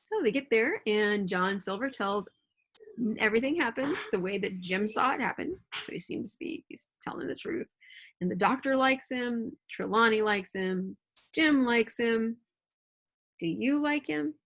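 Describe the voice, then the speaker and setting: A woman's voice: on the high side, expressive, a little slow, fairly bright tone. A woman teacher reading a novel aloud to her students at home and explaining it in a casual, chatty way, checking in with her listeners, recorded on a computer mic. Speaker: middle school English teacher.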